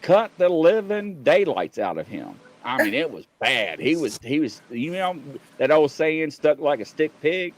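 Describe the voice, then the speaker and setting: A man, co-hosting a casual video-call show and telling a lively story while acting out the other people in it. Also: on the high side, a little slow, hardly any pauses, poor audio. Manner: animated storyteller, acts out voices of others. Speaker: podcast co-host, former police officer.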